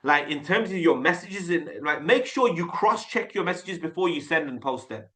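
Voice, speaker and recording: Upbeat, bright-voiced coach with a Brummie accent. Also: male voice, a little high, normal speed. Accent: Birmingham English. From Birmingham, England. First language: Urdu. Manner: energetic, chatty, repeats and restarts words. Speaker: sales coach. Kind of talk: casual coaching on a video call. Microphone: desktop webcam mic.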